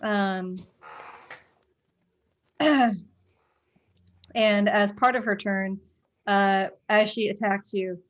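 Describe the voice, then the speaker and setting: A woman narrating as game master of a tabletop game, laughing often and pausing on fillers as she describes the action. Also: mid-range voice, steady tone. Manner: unhurried, giggly, halting with fillers.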